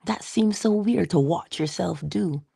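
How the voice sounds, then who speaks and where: A woman hosting a casual motivational livestream, playful and chatty, slipping into whispery asides and animated quoted voices. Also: unhurried, no echo, clean studio sound. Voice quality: low gravelly husky voice. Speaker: livestream host.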